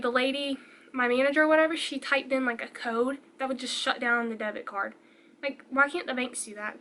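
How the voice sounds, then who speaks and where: A young woman chatting through a storytime vlog, retelling a scene and acting out the people in it. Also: high voice. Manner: chatty, animated retelling with quoted voices. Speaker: vlogger. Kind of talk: casual storytime.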